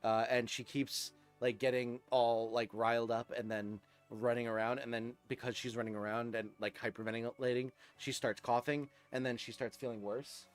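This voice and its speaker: Young guy streaming a game, casual and rambly, medium voice, quiet music underneath. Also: medium pitch, flat delivery, normal speed, few pauses. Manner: soft cooing to his dog, rambling with many fillers. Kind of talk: casual live-stream chat.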